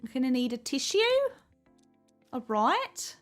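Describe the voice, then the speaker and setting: A young woman streamer with a high voice, chatting to her viewers as she plays and breaking into excited outbursts. Faint music plays quietly underneath her talk. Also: unhurried. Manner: chatty, excitable, swears casually, gets loud when surprised. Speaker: gaming streamer. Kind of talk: casual live-stream commentary.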